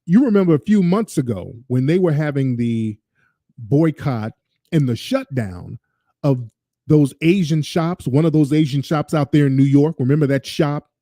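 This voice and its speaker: A man's voice: a little high, expressive, normal speed, mellow, no echo, studio quality. A male show host ranting over a video clip, sarcastic and mocking. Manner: ranting, sarcastic, mimics voices. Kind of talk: commentary over a played clip.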